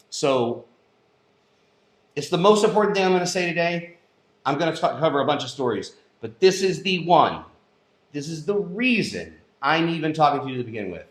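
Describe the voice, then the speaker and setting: A man's voice: fairly high pitch, echoey room. A man hosting a news commentary show, speaking in an impassioned, emphatic way. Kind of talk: opinion commentary monologue.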